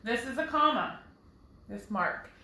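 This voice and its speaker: A woman teaching a phonics lesson to first graders, patient and slow, explaining each step to young children. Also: fairly high pitch, animated, pushed and bright. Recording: echoey room.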